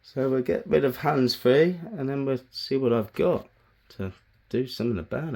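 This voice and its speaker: A man's voice: medium pitch, expressive, moderate pace, gravelly, a little mellow. A man vlogging as he works on a bonsai, chatting casually, bantering with himself and swearing freely. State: out of breath. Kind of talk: casual self-talk while working.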